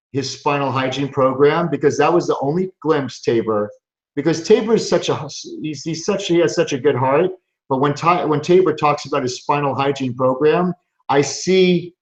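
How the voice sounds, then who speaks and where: Earnest preachy man, roomy lo-fi sound. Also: a little high. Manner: earnest, preachy, restarts phrases. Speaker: chiropractor host. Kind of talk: motivational live show talk.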